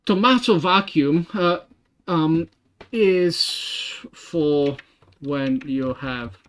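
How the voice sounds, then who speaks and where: A young man with an Italian accent, a game developer thinking aloud while he works, halting with many fillers and restarts. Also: a little high, fairly bright tone. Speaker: game developer streaming his work. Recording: dull lo-fi stream audio.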